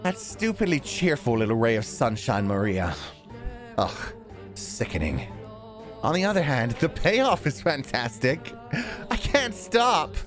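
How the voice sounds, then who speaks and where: A man's voice: medium pitch, very animated, a little slow, music in the background. A man voicing a scheming young woman who drops her sweet act, reading visual novel lines in a cold, sneering manner. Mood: gloating. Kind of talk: visual novel dialogue read aloud.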